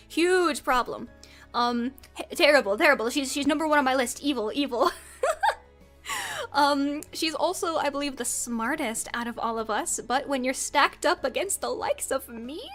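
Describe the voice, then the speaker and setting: A woman's voice: high-pitched, a bit bright. A woman performing a mock-dramatic comedy skit as a streamer, theatrical and giggly. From United States.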